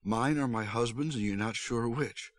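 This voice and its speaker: A man reading a storybook aloud while voicing a shocked, flustered mother who shouts her questions in a shrill, high voice. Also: normal speed, no echo, lightly acted. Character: shocked, screaming middle-aged mother.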